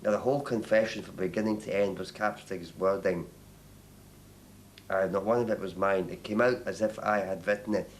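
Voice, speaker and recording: An older man from Northern Ireland giving documentary testimony, halting and repeating words as he recalls. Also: deep voice, steady tone, a little hiss or hum. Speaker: interviewee.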